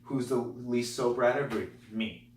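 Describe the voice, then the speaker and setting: A man, a comedian guest, telling a personal story in an animated, self-deprecating way. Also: medium pitch, fast talker. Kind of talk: comic storytelling. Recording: roomy, distant mic, faint noise.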